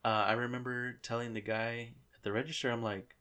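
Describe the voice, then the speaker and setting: A man's voice: mid-range voice, little pitch movement, normal speed, fairly bright tone, clear, resonant tone. A man co-hosting a podcast, telling a dream story in casual, profane chat. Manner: profane, storytelling, laid-back. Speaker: podcast co-host.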